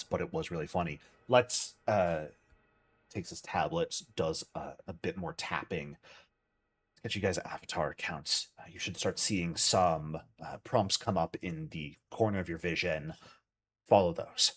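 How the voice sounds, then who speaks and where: A man narrating a tabletop role-playing game as game master in a relaxed, halting way, with many fillers. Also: low voice, breathy edge.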